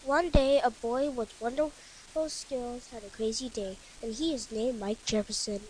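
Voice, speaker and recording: A woman reading a simple story aloud, halting, with many restarts and fillers. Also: a little high, steady tone, darkish tone, a little hiss or hum, low-quality recording. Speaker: story reader. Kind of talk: reading own written stories aloud.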